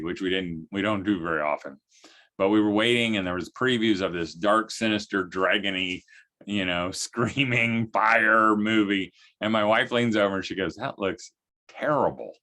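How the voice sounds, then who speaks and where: A man with a lowish, sharp voice speaks to parents at a homeschooling event. His talk is folksy, humorous storytelling, full of vocal sound effects.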